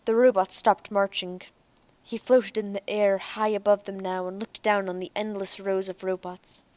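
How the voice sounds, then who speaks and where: A woman narrates a science fiction audiobook in a steady, even voice. Her pitch sits in the middle of the range. The recording is close and dry. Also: normal speed, no echo, highs cut off.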